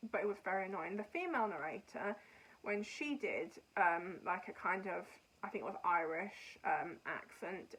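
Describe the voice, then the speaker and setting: A woman's voice: mid-range voice, fairly bright tone, slightly rough, rough recording. A woman hosting a knitting podcast, chatting casually and frankly about books and shows she has finished. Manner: rambling, chatty, frank opinions. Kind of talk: casual chat reviewing books and TV.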